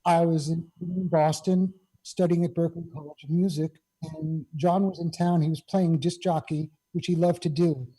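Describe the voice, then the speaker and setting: High, mellow-voiced man telling rock stories. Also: steady tone, moderate pace, breathy edge, rough recording. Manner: rambling, full of "you know" fillers. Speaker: guest musician. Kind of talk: casual anecdote telling.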